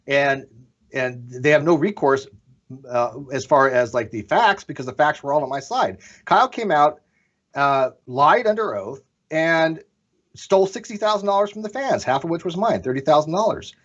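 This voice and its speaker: A man's voice: on the high side, animated, moderate pace, a bit bright. A man as a podcast guest, explaining his side in an emphatic, argumentative way during a casual discussion. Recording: dull lo-fi audio.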